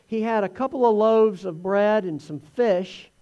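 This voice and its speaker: A man giving a conversational sermon, telling the Gospel story in an animated way. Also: high-pitched, unhurried, dull audio. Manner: animated storytelling, acts out voices in quotes. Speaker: preacher teaching from the Gospels.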